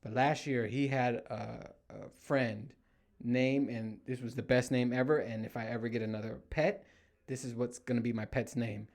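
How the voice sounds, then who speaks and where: A man's voice: medium pitch, moderate pace, vocal fry. A man in his thirties hosting a casual solo podcast from a room in his home, telling stories with lots of swearing and acting out what people said. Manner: animated storytelling, heavy swearing, acts out quotes. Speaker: podcast host.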